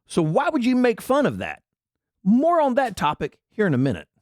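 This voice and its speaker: A man's voice: high-pitched, huge pitch swings, normal speed, darkish tone, no echo, clean studio sound. A man, ranting sarcastically and indignantly in political commentary. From Tennessee. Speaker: commentary vlogger.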